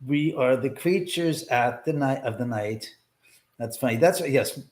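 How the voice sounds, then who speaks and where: A man's voice: mid-range voice, a little slow, a little mellow. A man hosting a casual live stream from his home, telling rambling, profane stories and laughing as he goes. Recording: echoey room.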